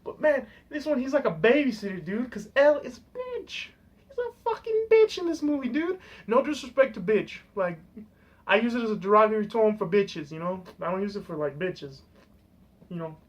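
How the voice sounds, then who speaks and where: A man's voice: high-pitched, lively intonation, moderate pace, highs cut off. A young man ranting casually on camera, rambling and swearing, saying "dude" constantly. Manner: profane, rambling, full of "dude". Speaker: vlogger. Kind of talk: casual rant.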